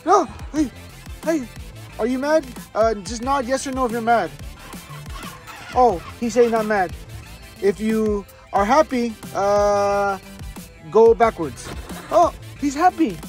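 A woman's voice: fairly high pitch, animated, slow pace, long pauses. A woman playing with a toy monster truck for her child's video, sing-song and full of exaggerated exclamations. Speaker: parent filming a toy video. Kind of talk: playful toy play with a child. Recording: loud background music.

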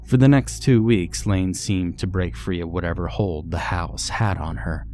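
A man narrating a first-person horror story in a steady, measured way. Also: low voice, a little hiss or hum.

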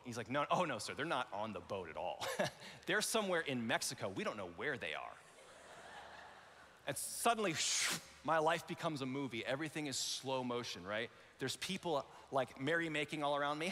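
A man, a pastor, telling a lively story in a sermon, acting out the voices of the people in it. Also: a little high, moderate pace, in a large hall, slight background noise. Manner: animated, acts out voices in his story. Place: large church auditorium.

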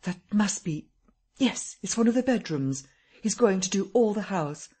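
A man's voice: high-pitched, expressive, unhurried, darkish tone, husky, voice pushed up, full character voice. A man putting on an alarmed besieged doctor.

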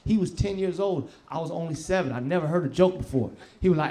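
A young man doing a stand-up comedy set on stage, loud and streetwise, bantering with the crowd. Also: a little high, animated, quick pace, hardly any pauses. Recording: live show, loud crowd laughter and noise.

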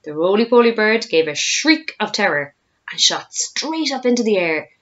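Expressive Irish woman reading a storybook. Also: medium pitch, moderate pace. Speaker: teacher reading aloud. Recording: dull lo-fi home recording.

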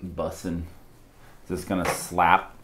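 A man's voice: low-pitched, level tone, slow, noisy background. A middle-aged man co-hosting as a butcher, chatting casually and joking while he tastes the food. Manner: enthusiastic, jokey. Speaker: butcher and co-host. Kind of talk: casual tasting chat.

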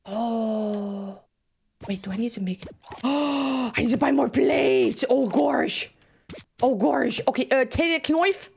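A woman giving excitable let's-play commentary, gasping and chattering to herself as she plays. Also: high-pitched, a little slow, creaky, slight background noise. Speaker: video game streamer.

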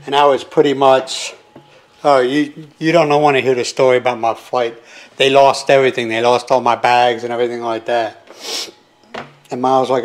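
His mid-range voice runs a little fast with fairly even intonation. The speaker, an older American vlogger, casually rambles through a long story to camera, wandering into many asides along the way.

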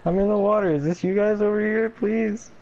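A man's voice: a little fast, lo-fi sound. A young man streaming a game and chatting with teammates over a headset, swearing a lot and getting frantic. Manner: swearing, excitable, often frantic and high-pitched when chased. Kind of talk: live gameplay chat with teammates.

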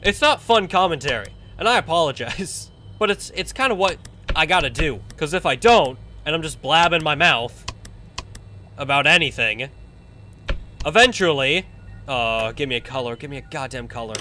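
A young man with a bright, forceful voice talks his way through a horror game, chattering at the characters on screen and yelling when things go his way. His voice sits a little high for a man, and a faint hiss of noise runs under it. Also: animated, normal speed. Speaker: gameplay commentator. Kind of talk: casual let's-play commentary.

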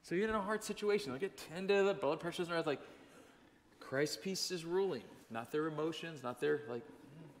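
A man preaching a sermon as pastor, talking conversationally, asking the congregation questions and telling stories with lively energy. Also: a little high, fairly quick, slight background noise. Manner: conversational, animated storytelling with audience questions. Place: church sanctuary. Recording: long church hall reverb.

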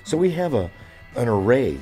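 A man's voice: medium pitch, sing-song, moderate pace, mellow, faint music behind. A man in his seventies talking in an interview, rambling with many fillers and restarts. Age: 70s. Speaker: drummer.

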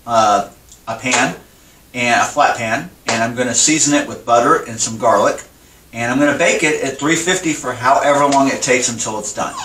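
A man's voice: mid-range voice, sharp tone, a little hiss or hum. A man hosts a casual cooking vlog, talking in a candid, rambling way. He sounds some distance from the microphone. The room around him is echoey. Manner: candid, rambling, emotional about his struggles. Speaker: cooking vlogger. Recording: roomy sound from a distant mic.

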